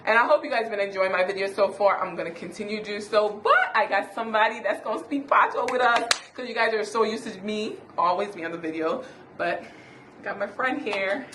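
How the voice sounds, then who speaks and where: Lively Jamaican woman hosting a chat. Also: medium pitch, brisk. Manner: lively, playful, laughs often. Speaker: YouTube host. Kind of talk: casual chat. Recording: echoey room, faint noise.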